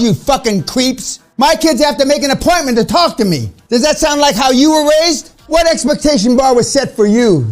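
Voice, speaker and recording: A man in his seventies giving a blunt, profane, confrontational motivational rant, mocking his listeners. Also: very high-pitched. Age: 70s. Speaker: business speaker.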